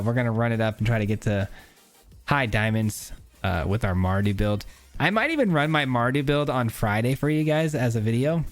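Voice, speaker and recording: A man giving casual, chatty commentary on his own gameplay, thinking aloud with many filler words. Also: mid-range voice. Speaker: gaming YouTuber.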